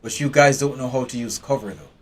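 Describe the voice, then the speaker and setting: A man's voice: mid-range voice, steady tone, fast. A man giving live commentary while playing a strategy game, chatting and talking to his game characters. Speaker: game streamer.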